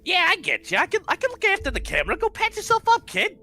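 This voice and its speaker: A man voicing a brash, pally male film crew veteran who talks loud and chummy. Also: extremely high pitch, huge pitch swings, fast talker, faint music behind, pitched above the performer's own voice, heavily acted. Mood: caring.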